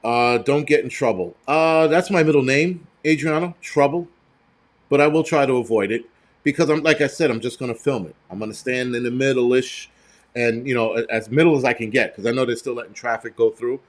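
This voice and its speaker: An American man at an ordinary middle pitch, hosting a casual live stream. He talks straight to his viewers in a loose, rambling way, blunt and quick to swear. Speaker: prepper channel host.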